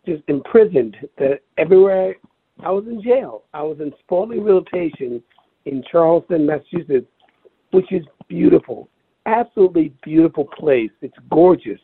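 A man recalling his experience in an interview, speaking haltingly, searching for words and repeating himself. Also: on the high side, expressive, breathy edge. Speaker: interview guest. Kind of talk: personal recollection over the phone. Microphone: telephone. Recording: tinny phone line.

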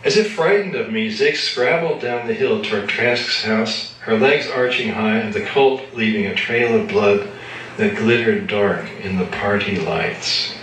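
A man reading his own fiction aloud at a live event, in a measured, matter-of-fact way. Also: fairly low pitch, fairly bright tone, recorded from a distance, slight background noise. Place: live reading at an evening gathering. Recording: echoey room from afar.

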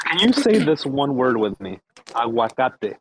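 A man's voice: mid-range voice, very animated, moderate pace, slight background noise, low-quality recording. Brash, swearing man in casual chat. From Mexican family background. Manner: brash, profane, emphatic. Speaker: guest.

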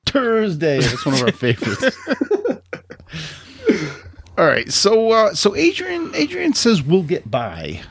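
A man's voice: high-pitched, huge pitch swings, takes it slowly, long pauses, breathy edge, no room sound, clean studio sound. A man co-hosting a casual podcast chat, jokey and rambling, often laughing and restarting his sentences. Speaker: podcast co-host.

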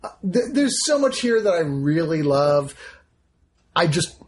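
A man chatting casually about films, enthusiastic and animated. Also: on the high side, unhurried, breathy edge. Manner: enthusiastic, animated, quotes people in put-on voices. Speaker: podcast co-host reviewing films. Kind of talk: casual chat.

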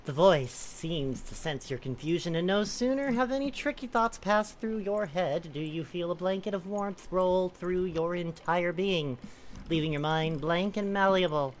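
A woman hosting a group call and reading a joke quiz aloud in a playful mock-hypnotic voice, sliding between slow soothing murmurs and loud giggly shouts. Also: on the low side, expressive, slight background noise.

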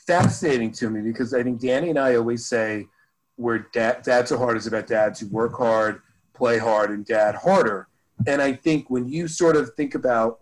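A man co-hosts a podcast in an upbeat, chatty way. He rambles, restarts his sentences and leans on fillers. His voice is mid-pitched and ordinary. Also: low-quality recording. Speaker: podcast co-host. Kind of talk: casual podcast chat.

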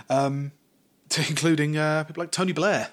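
A man's voice: a little high, steady tone, a little slow, fairly bright tone. A man co-hosting a political podcast in casual chat, rambling with fillers and restarts and the odd swear. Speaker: podcast co-host.

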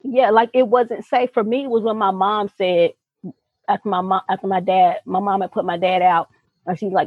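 Brisk and mid-range, her slightly rough voice comes through a dry recording that sounds tinny, like a phone line. As a podcast co-host, she's earnest and expressive in a relaxed, heartfelt conversation, tossing in folksy asides.

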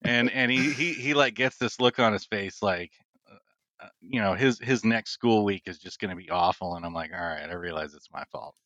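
Male podcast guest, low voice, dry close mic, relaxed storyteller. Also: normal speed, dry recording, dull audio. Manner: storytelling, laughs often, relaxed. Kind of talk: casual chat.

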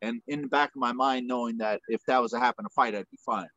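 A retired male fighter, a podcast guest, telling a story in a rambling, animated way with lots of fillers. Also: medium pitch, quick pace. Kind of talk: casual storytelling. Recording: muffled dry podcast audio.

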